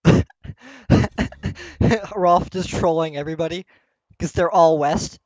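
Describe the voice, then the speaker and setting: A man's voice: on the high side, slow pace, dry recording. A man casting a live-streamed tournament in casual, playful commentary, often laughing at himself. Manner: playful, giggly, self-mocking. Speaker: esports tournament caster. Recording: dull lo-fi stream mic.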